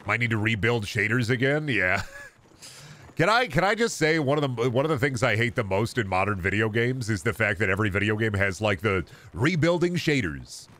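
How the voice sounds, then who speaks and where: A man's voice: on the low side, lively intonation, a little fast, sharp tone. A young man casually commentating his gameplay, rambling, joking and swearing freely. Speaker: streamer. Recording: game music playing behind.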